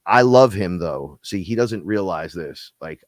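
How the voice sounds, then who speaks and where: A man hosting a casual spiritual talk show, telling stories in a rambling, profane, animated way. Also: sits low, measured pace, dry recording. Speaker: host.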